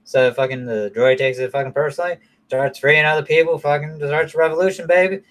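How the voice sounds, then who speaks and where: A man's voice: on the high side, fairly even intonation, fairly quick, fairly bright tone. A man casually recapping a movie in a rambling, profane way, full of fillers and restarts. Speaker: movie reviewer.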